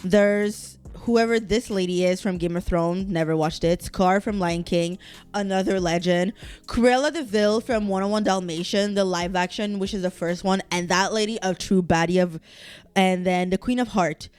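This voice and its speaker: A woman's voice: mid-range voice, normal speed, a little mellow, clean tone. A woman hosting a casual solo podcast, talking animatedly and swearing as she reacts to quiz results. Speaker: podcast host.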